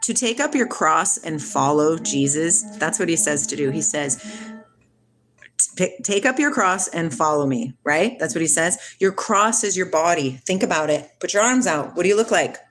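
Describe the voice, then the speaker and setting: A woman hosting a casual spiritual livestream, talking back to her chat in an excitable, preachy way. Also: deep voice, moderate pace, few pauses, over music. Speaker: livestream host reading chat.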